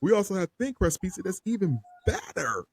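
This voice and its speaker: Man, podcast co-host, boisterous and teasing, animated pitch. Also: fairly quick, creaky, slightly rough, no room sound. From Chicago. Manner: boisterous, teasing, lively slang. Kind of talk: casual chat.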